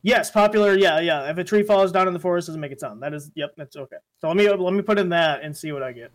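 A young man chatting casually with friends, laughing often as he reads jokes out loud. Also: a little high, fast. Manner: laughs often, animated reading. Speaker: group member reading AI jokes. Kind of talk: casual chat.

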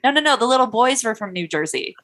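A woman's voice: fairly high pitch, animated, fast, fairly bright tone. A woman with an English accent, co-hosting and telling a story in a casual, chatty way, with plenty of fillers. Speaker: podcast co-host.

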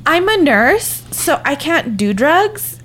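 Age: adult. Figure: a woman putting on an awkward, petty female neighbor. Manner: hesitant, evasive, voice pitched up. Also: very animated, takes it slowly, fairly bright tone, full character voice. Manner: hesitant, evasive, higher put-on voice.

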